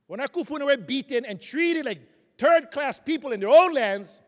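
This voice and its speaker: Fiery high-voiced man in a hall. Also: animated, normal speed. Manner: fiery, rising and dropping for emphasis. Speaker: keynote speaker. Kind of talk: impassioned keynote speech. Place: large hall. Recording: long hall reverb.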